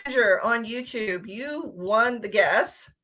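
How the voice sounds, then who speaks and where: A woman's voice: on the high side, slow, bright, forceful tone. A tired woman, a psychic medium, chatting casually on a live stream and calling viewers by name while she gives readings.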